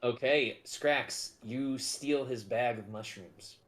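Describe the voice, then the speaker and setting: A man's voice: mid-range voice, slow, heavy background noise. A man running a tabletop game as game master, narrating in an easygoing, amused way.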